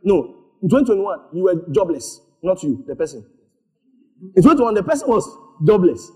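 Animated pastor preaching. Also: male voice, sits high, brisk. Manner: animated preaching, calls for responses, laughs often. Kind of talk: sermon.

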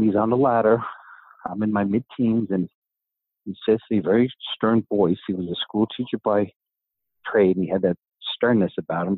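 A man's voice: fairly low pitch, slightly rough, dry recording. A middle-aged man from New York telling a long story in a podcast interview, acting out the voices of the people in it. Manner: animated storyteller, acts out quoted dialogue. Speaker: guest, author and gym owner. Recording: tinny phone-like sound.

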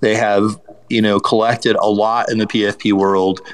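A man with a low voice talks as a guest collector in a casual online audio chat. He explains things in a relaxed, rambling way, full of ums and you-knows. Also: normal speed. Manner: relaxed, explanatory, many fillers.

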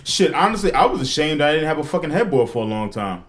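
A man talks on a podcast in loose, slangy banter, ribbing his co-hosts. His voice sits a little high and rises and falls with lively animation. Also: quick pace. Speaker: podcast co-host. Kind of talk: casual chat.

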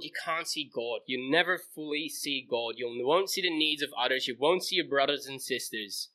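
A man's voice: a little high, pushed and bright. A man in his twenties giving a casual youth sermon at a camp, telling stories in a chatty way full of fillers like "like". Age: 20s. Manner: chatty storytelling, many fillers like "like". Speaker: camp speaker.

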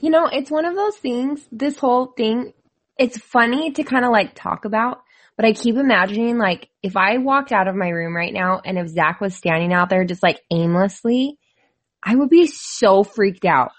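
A woman's voice: on the high side, lively intonation, normal speed. A woman in a casual chat, musing aloud in a hesitant way.

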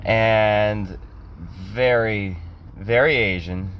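A man's voice: on the low side, drawn-out words, highs cut off. A young man telling a rambling, self-deprecating comic story in a casual way, acting out quotes in other voices.

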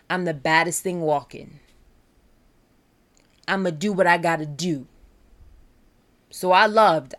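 A young woman, a college student, talking candidly and earnestly about mental health and self-love. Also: low voice. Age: young adult. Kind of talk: personal talk on mental health.

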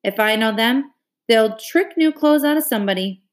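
A woman's voice: fairly high pitch, expressive, normal speed, lightly acted. A woman reading aloud, voicing a plainspoken country boy in a dry, blunt manner.

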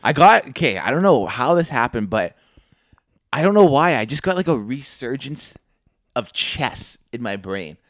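A man's voice: medium pitch, sing-song, moderate pace, fairly bright tone, dry recording. Young guy on a podcast, laughy storyteller, dry close mic. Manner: loose, laughing storyteller, swearing, acts out quotes. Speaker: podcast co-host. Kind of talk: casual chat.

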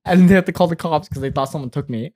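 A man's voice: on the high side, fast talker, dark tone. A young man co-hosting a casual podcast, telling a story and acting out his younger self. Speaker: podcast co-host.

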